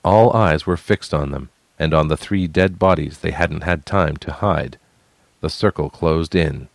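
A man reading a fantasy story aloud, with measured, even narration. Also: rumbling low, vocal fry, no room sound. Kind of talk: scripted fantasy audiobook narration.

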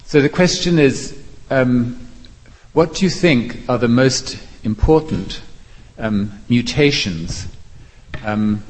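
Slow, husky man asking a question. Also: mid-range voice, animated, darkish tone. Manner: measured, careful, with frequent ums. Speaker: audience member asking a question. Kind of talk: formal spoken question. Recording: echoey lecture hall.

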